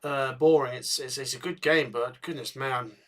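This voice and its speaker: Bright-voiced fan commentating live. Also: male voice, medium pitch, normal speed. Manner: excitable bursts at chances, chatty with viewers. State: tired, yawning. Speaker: football watchalong host. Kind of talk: live match commentary and chat.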